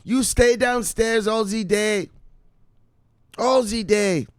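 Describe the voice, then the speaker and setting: A man voicing a doting, nagging mother who scolds her grown son in slow, broken phrases. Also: high voice, clear, resonant tone, no echo, clean studio sound.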